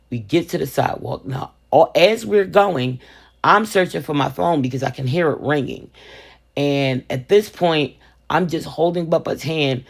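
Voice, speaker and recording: Gravelly older woman, sassy storytelling. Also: sits low. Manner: sassy, playful, calls viewers baby and sugar, refers to herself as Mama. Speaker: resin crafting video host. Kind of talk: casual storytelling vlog.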